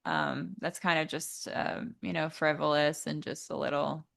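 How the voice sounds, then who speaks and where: A woman singer as an interview guest, talking thoughtfully with many pauses and fillers. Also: low-pitched, flat delivery, vocal fry, a bit bright. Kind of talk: casual interview chat.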